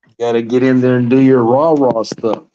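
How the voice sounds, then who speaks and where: A man's voice: medium pitch, little pitch movement, a little fast, dark tone, a little hiss or hum. A man hosting a casual podcast, laid-back, reading viewer comments aloud and laughing often. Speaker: podcast host. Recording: dry, slightly dull lo-fi sound.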